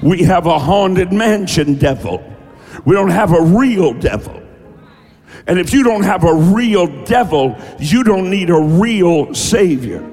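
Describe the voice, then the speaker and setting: A man preaching a sermon, emphatic and folksy, often breaking into shouts. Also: high voice, animated, slow pace, in a large hall, faint music behind. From rural American South. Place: church.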